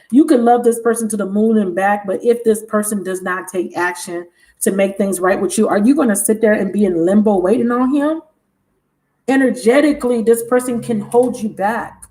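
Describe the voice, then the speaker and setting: A woman's voice: medium pitch, a little mellow. A woman giving a casual, chatty tarot reading on a livestream, talking frankly and laughing often. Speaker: tarot reader.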